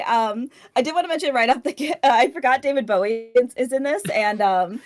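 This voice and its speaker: A woman's voice: fairly high pitch, fairly quick. A woman co-hosting a podcast in casual chat, giggly and rambling with lots of filler. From United States. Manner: giggly, rambling with many ums. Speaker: podcast co-host.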